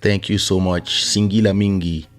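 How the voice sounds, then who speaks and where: A male podcast host in a casual live-stream chat, hoarse after losing his voice, greeting viewers by name. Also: low-pitched, level tone, normal speed, faint music behind. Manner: greets viewers by name, warm shout-outs. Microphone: studio microphone.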